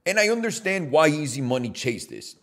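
A man hosting a podcast, giving an animated, casual opinion monologue with swearing and jokey asides. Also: on the high side, brisk. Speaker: podcast host.

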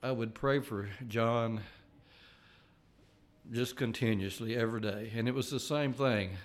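An older man giving an earnest personal testimony, halting and restarting as he talks. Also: mid-range voice, fairly even intonation. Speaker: layman giving a faith testimony.

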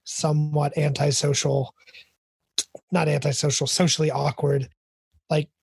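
A man's voice: a little high, little pitch movement, a little slow, gravelly, a little mellow, slightly rough, no room sound. A man hosting a podcast in casual chat, enthusiastic and chatty, with lots of filler words. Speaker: podcast host.

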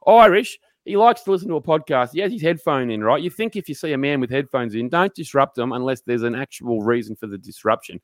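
A man's voice: medium pitch, expressive, fast, few pauses, no room sound, clean studio sound. A young adult man with an Australian accent, telling workplace stories on a podcast, swearing freely and mimicking coworkers. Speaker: podcast co-host. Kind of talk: casual storytelling chat.

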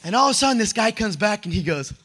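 Excitable young male storyteller, high-pitched and piercing, slangy, shouts at peaks. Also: fast. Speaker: storyteller sharing a testimony. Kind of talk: animated personal testimony.

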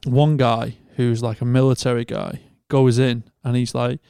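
Gravelly sweary Northern English man. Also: medium pitch, moderate pace, dry recording, clean studio sound. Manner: sweary, animated storytelling with quoted voices. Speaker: podcast co-host. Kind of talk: casual chat.

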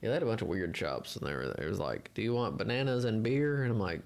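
Gravelly podcast guy, lively ups and downs, acts out everybody in his stories. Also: lowish voice, fast talker. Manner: animated storyteller acting out other voices. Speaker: podcast co-host. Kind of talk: casual chat.

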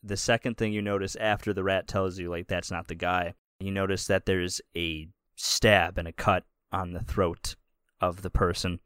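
A man's voice: low-pitched, little pitch movement, normal speed, a bit bright, smooth, no room sound, clean studio sound. A man narrating as game master in a tabletop game, casual and chuckling, with faint music behind.

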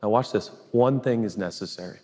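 A man voicing a calm, patient Jesus in a plain, direct way, close to his own voice. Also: lowish voice, fairly quick, natural voice. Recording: long echoey hall reverb.

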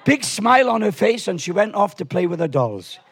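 Telling a story from the pulpit at a moderate pace, this husky-voiced guest preacher in his sixties keeps things relaxed and full of jokes. His voice is high for a man, and he tends to ramble and restart sentences while chatting with the congregation.

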